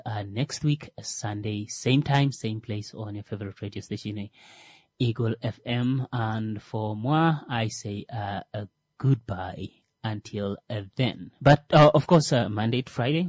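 A male radio show host, talking casually and joking, with many "uh" fillers and pauses as he searches for words. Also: fairly low pitch, darkish tone, dry recording. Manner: hesitant, heavy on "uh" fillers, joking asides. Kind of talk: casual radio talk with jokes.

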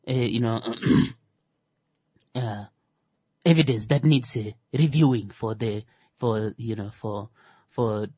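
A man's voice: a little mellow, breathy edge, no room sound, studio quality, close to an everyday voice. A man putting on a greedy wheedling lawyer. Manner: smug wheedling aside, low and confiding. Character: greedy scheming male lawyer pleading to a judge.

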